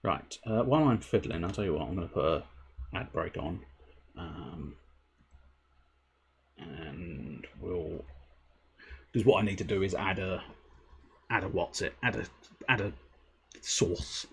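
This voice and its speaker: A man's voice: low-pitched, lively intonation, unhurried, gravelly, long pauses, a little hiss or hum. A man streaming video games, chatting casually in a playful, rambling way and joking to himself. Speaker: game streamer. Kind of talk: casual gameplay commentary.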